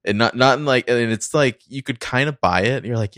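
A man co-hosting a casual film discussion podcast, rambling in a relaxed way with many fillers. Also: medium pitch, brisk, no echo, studio quality. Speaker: podcast co-host.

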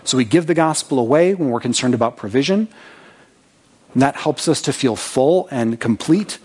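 A man's voice: mid-range voice, lively intonation, normal speed, a little mellow, slightly rough. Man preaching a conversational sermon. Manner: conversational preaching with frequent "right?" check-ins; reads scripture aloud with asides. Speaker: pastor.

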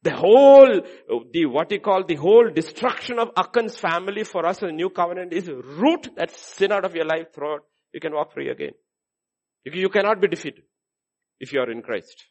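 With lively intonation and at normal speed, a man gives a repetitive, emphatic sermon, his delivery dropping from loud exhortation to something low and intense.

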